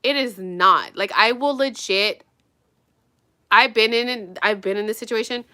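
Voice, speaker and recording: A young woman vlogging while getting ready, talking bluntly and with lots of swearing, swinging between loud outbursts and low mutters. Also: unhurried. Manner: animated, blunt and profane, drops to mutters. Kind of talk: casual get-ready-with-me rant.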